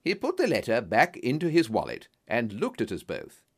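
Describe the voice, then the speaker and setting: A man reading a story aloud as narrator, in an expressive, dramatic style. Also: medium pitch, moderate pace.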